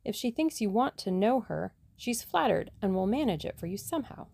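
A woman voicing a plucky, scheming young woman adventurer in a brisk, self-assured way. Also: mid-range voice, animated, vocal fry, a little mellow, husky, pitched above the performer's own voice.

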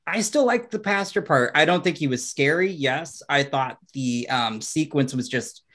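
A man co-hosting a horror film podcast, talking in quick, halting bursts and repeating himself. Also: a little high, a bit bright. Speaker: podcast co-host. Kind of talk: casual film review chat.

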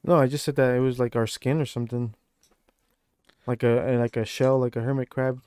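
A man's voice: medium pitch, little pitch movement, a little fast, a little mellow, smooth, no room sound. A man in a casual podcast chat, chiming in with short questions.

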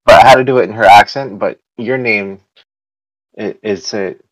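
A man's voice: lowish voice, moderate pace, no room sound, poor audio. A man from the United States hosting a casual podcast chat, rambling along with lots of fillers and restarts. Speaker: podcast host.

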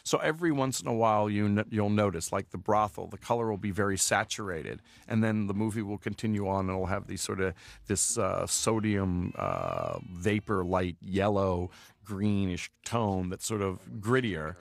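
A man talking through his film as director in a loose, meandering commentary, dropping filler words as he goes. His voice is lowish and gravelly. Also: expressive, normal speed.

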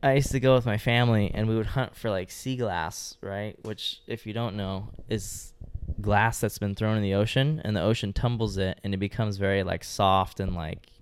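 A man's voice: lowish voice, fairly even intonation, moderate pace, smooth. A man co-hosting a casual podcast, telling rambling stories in a laid-back way and swearing freely. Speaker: podcast co-host.

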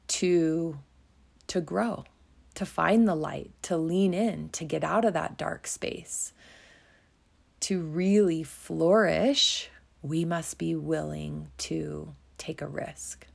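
Slow, gravelly-voiced woman giving soothing encouragement. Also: sits low, steady tone. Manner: slow, soothing and encouraging, dropping to a whisper at times. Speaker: podcast host. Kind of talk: reflective self-help talk.

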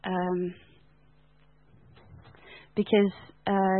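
A woman teaching at a Bible school in an animated, sermon-like way, laughing often and filling her talk with "like". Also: mid-range voice, moderate pace, dry recording. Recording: tinny phone-like sound.

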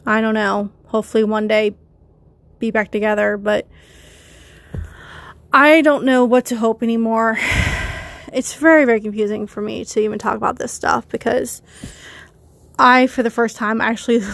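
A person with a feminine voice hosting a confessional solo podcast, talking haltingly with many restarts and addressing listeners directly. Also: female voice, fairly high pitch, no echo. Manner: conflicted, rambling, talks to listeners. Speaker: podcast host.

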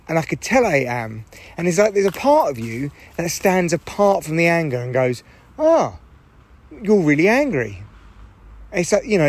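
Hoarse, irritable man ranting in his car. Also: a little high. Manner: rambling, irritable, swears freely. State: hoarse from shouting. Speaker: podcast host. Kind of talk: solo podcast chat recorded in a parked car. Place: parked car.

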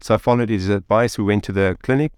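A man, a guest telling a story in an interview, rambling and animated with lots of fillers like "like" and "you know". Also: lowish voice, fast talker, clear, resonant tone, no room sound, clean studio sound.

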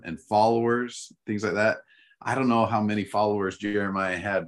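A man who teaches seminary, chatting casually about planning scripture lessons and rambling through fillers and restarts. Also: lowish voice. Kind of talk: casual teaching-prep chat.

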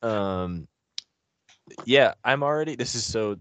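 A man co-hosting a podcast in casual chat, easygoing and quick to laugh. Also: mid-range voice, expressive, a bit bright. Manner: easygoing, chatty, laughs often. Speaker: podcast co-host.

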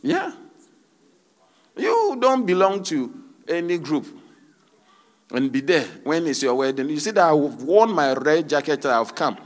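A man's voice: fairly high pitch, very animated, a little slow, long pauses. A man preaching a sermon as a pastor, peppering his teaching with hallelujahs and rhetorical questions to the congregation.

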